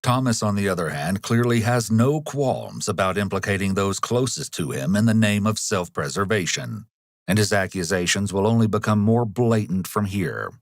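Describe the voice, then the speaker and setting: A man giving scripted documentary narration in a measured, analytical way. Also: lowish voice, expressive, no room sound, clean studio sound.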